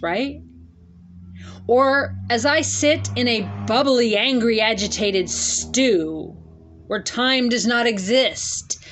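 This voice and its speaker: A woman with a fairly high voice delivers a slow, deliberate spoken-word rant. Her lines come emphatic and repetitive, broken by sarcastic asides. She reads from her computer indoors. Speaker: reverend reading her own rant.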